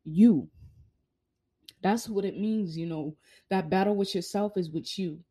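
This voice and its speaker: A woman's voice: mid-range voice, a little slow, dark tone, husky. A young woman giving a blunt, profane motivational monologue, hammering home her points with rhetorical questions. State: hiccuping. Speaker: vlogger.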